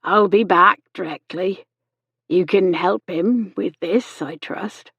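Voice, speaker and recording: A woman voicing a kindly, practical older woman nurse, with slow, matter-of-fact speech. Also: on the low side, husky, no room sound, exaggerated voice. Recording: dull lo-fi audio.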